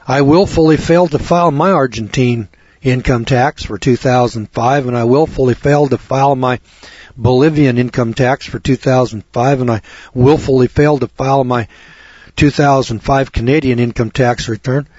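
A man's voice: medium pitch, steady tone, normal speed, darkish tone, no echo. A man lecturing to students in a folksy way, piling up rhetorical questions and repeating them for effect. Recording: dull lo-fi recording.

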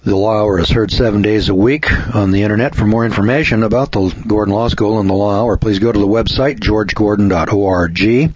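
Ranting husky-voiced male radio host. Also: lowish voice, fairly quick, few pauses, a little mellow. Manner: folksy, ranting, mocking voices. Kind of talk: opinionated editorial monologue. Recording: dull lo-fi radio recording.

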